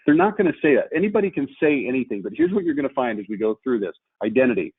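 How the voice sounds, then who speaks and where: A man's voice: mid-range voice, very animated, quick pace, few pauses, husky, no room sound. Emphatic man on a tinny line. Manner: emphatic, rhetorical questions, repeats key words. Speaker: marketing presenter. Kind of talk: webinar lecture. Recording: tinny phone-like line, dry.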